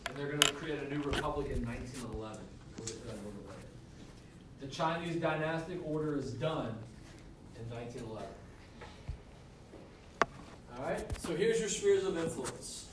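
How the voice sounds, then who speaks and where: Man teaching history, higher voice, recorded from far off in an echoey classroom with background noise. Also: lively intonation, fairly quick. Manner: conversational, checks in with students. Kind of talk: classroom lecture.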